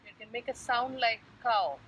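A woman yoga instructor leading a mother-and-child yoga class, giving slow, gentle step-by-step instructions. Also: on the high side, lo-fi sound, slight background noise.

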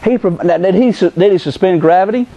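Middle-aged pastor, man, lively sermon delivery, slightly high voice, acts out quotes. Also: fast, muffled recording.

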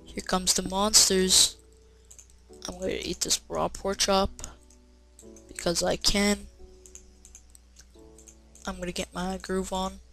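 Excitable rambling woman gamer. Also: medium pitch, slow pace, gravelly, long pauses, faint music behind, poor audio. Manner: rambling and excitable, with many "uh" fillers and bursts of shouting. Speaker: gameplay commentator. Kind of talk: casual let's-play commentary.

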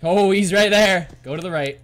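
A man's voice: sits high, moderate pace, fairly bright tone, faint music behind. A man doing let's-play commentary, frantic and swearing as he barks orders at the game. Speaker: gamer.

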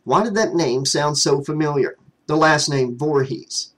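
Man narrating an audiobook, fairly high voice. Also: measured pace, rough recording. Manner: steady storytelling reading.

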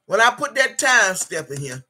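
Female streamer: tense, sharp voice with a raspy grain, combative and foul-mouthed, reading chat between jabs. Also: mid-range voice, very animated, moderate pace. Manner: profane, combative, repetitive; reads out viewer chat. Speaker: livestream host. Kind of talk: angry livestream rant.

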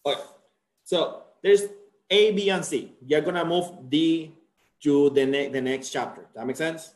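A man's voice: fairly high pitch, measured pace. A tired man teaching a chemistry class in a casual, joking way, often checking in with his students. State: tired, end-of-semester burnout. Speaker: chemistry instructor. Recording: echoey classroom.

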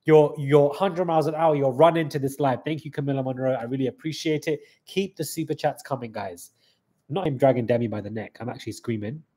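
A young man hosting a live reaction stream, excitable and hyped, calling out "guys" often, with a slightly stuffy nose. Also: mid-range voice, brisk, breathy edge. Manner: excitable hype talk, keeps saying "guys".

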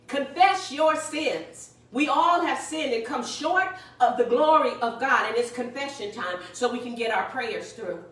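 A woman's voice: high-pitched, a little slow, few pauses, fairly bright tone. A woman pastor preaching a sermon, emphatic and repetitive, exhorting her congregation. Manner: emphatic, repeats key phrases, exhorts the congregation. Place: church sanctuary. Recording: very echoey room, voice far from the mic.

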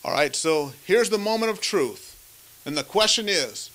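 Bright-voiced male sports show host. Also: high voice, sing-song, normal speed. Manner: emphatic, leads the questions. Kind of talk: sports analysis chat.

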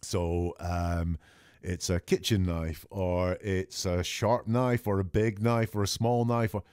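Man, very low voice, mellow tone, dry close sound, measured analytical commentary. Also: flat delivery, smooth, dry recording. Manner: measured, deliberate, often slows for emphasis. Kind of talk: analytical commentary on a recorded call.

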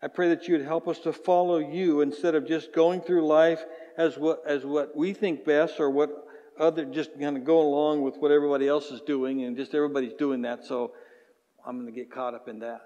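A pastor with a fairly high, steady, dark-toned voice preaches briskly and conversationally in a church hall, acting out everyday voices. He then leads a closing prayer. The recording is muffled, with reverb from the hall.

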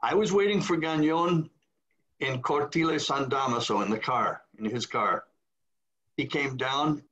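A man's voice: medium pitch, a little slow, a bit bright. An older man, a retired priest, telling a story in a video call, acting out the voices of the people he quotes. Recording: dull lo-fi video call audio.

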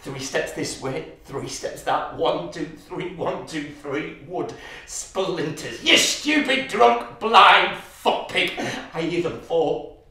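A man's voice: a little high, steady tone, slow. An actor playing a violent, menacing father who recalls a brutal childhood, in a brooding stage monologue. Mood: tense, bitter. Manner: brooding and menacing, flaring into manic shouting. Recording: echoey hall, voice from far off.

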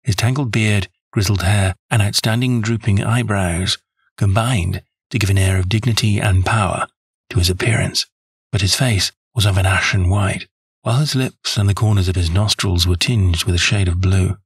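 A man narrating a classic story in the first person, in an even, measured way. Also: deep voice, slightly rough, no room sound, studio quality. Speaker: audiobook narrator.

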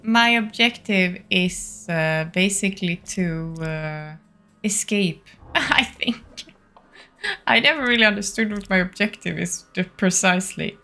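A woman's voice: mid-range voice, a little slow, sharp tone. A woman live-streaming a video game, thinking aloud and answering her chat.

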